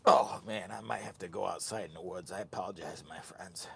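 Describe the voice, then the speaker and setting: A man's voice: low voice, a little fast, creaky, a bit bright, slightly rough. Goofy rambling man in a tent. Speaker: vlogger host. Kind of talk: casual camping vlog. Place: inside a heated tent.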